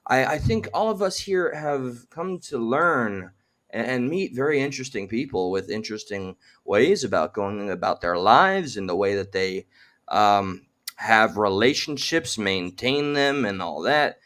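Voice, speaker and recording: A man's voice: lowish voice, animated, measured pace, fairly bright tone. A man hosting a casual chat from his home, wordy and slightly formal in his phrasing. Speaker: host.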